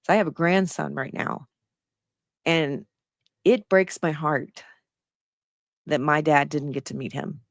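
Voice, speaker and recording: A woman's voice: low voice, fairly even intonation, measured pace, creaky, pauses often, dry recording, clean studio sound. A middle-aged woman giving casual commentary on a news article she reads aloud, blunt and sarcastic and swearing freely.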